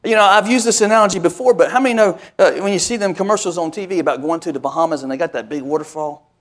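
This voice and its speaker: Man, pastor, high voice, sermon, folksy storytelling, call-and-response, emphatic repetition. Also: very fast. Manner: builds into emphatic repetitive cadences. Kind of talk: preaching a sermon.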